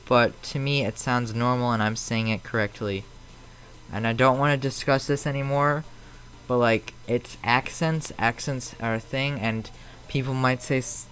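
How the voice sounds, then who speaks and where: A man's voice: mid-range voice, fairly bright tone, a little hiss or hum, low-quality recording. A man with a Chicago accent, chatting casually on a live flight-sim stream and answering viewers in a rambling, slightly defensive way. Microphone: streaming mic.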